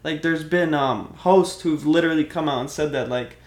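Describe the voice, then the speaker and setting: A young man co-hosting a podcast in casual chat, speaking in a halting, hesitant way. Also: fairly high pitch, lively intonation. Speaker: podcast co-host. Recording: roomy echo.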